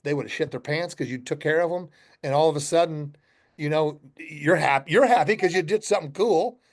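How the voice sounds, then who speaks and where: A middle-aged company founder with a slightly high voice talks fairly quickly as a guest on a podcast. In this casual storytelling interview he tells blunt, folksy stories, acting out both sides of customer conversations with some swearing.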